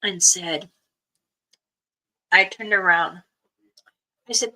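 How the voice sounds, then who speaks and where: A woman, a spiritual elder, telling a story in casual spoken style, unhurried, pausing and restarting. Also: medium pitch, steady tone, vocal fry, bright, forceful tone, poor audio.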